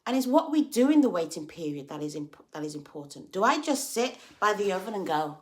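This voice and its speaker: A woman talking casually in a livestream about faith, chatty and animated, acting out little quoted exchanges. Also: medium pitch, fairly quick. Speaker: vlogger sharing faith reflections.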